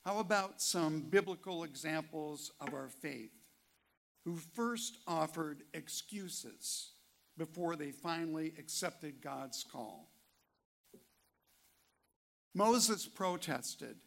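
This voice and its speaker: Male pastor for a sermon: unhurried, emphatic delivery, gravelly tone. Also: on the high side, animated, a bit bright. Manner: rhetorical questions, slow emphatic delivery; reads scripture quotes aloud. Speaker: preacher.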